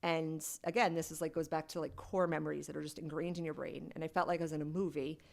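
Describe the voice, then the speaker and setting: Low gravelly woman telling her story. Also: little pitch movement, quick pace. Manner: candid and conversational, heavy use of "like". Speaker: podcast guest. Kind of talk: personal storytelling in a podcast conversation.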